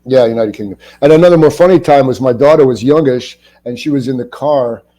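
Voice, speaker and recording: Older man telling lively stories in a mellow voice. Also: medium pitch, a little fast. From Ohio, United States. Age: 60s. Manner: animated storyteller, acts out other people's lines. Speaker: actor, guest. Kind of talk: casual interview storytelling.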